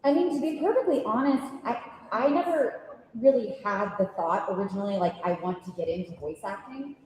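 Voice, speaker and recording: A woman's voice: mid-range voice, expressive, a little fast, darkish tone. A tired woman voice actor speaks on a convention panel, chatty and rambling with many fillers. Her voice rings through a large hall with a long echo, and she sounds set back in the room. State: tired from little sleep. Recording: echoey hall from far off.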